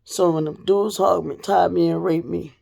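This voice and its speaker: Gravelly, blunt, profane woman vlogger. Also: steady tone, moderate pace. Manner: blunt and profane, swings between low and loud. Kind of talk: casual storytelling to the camera.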